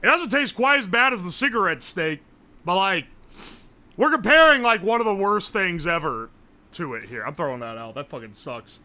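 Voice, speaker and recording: Bright, lively young streamer guy. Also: sits high, moderate pace. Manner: loud, joking, swears often, laughs a lot. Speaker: livestreamer. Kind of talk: casual live-stream banter.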